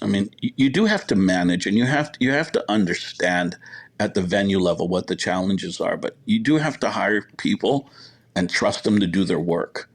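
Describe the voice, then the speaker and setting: A man's voice: fairly low pitch, husky. A middle-aged man, a podcast guest, telling long work anecdotes in a casual, rambling way full of fillers and quoted dialogue. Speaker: podcast guest, hospitality executive. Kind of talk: casual storytelling interview.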